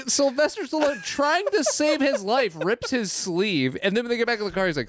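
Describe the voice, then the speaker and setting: A man's voice: very high-pitched, big pitch swings, a little fast, few pauses, slight background noise. A man co-hosting a movie podcast, chatting casually, laughing often and acting out quotes from the film. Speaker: podcast co-host. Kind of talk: casual movie review chat.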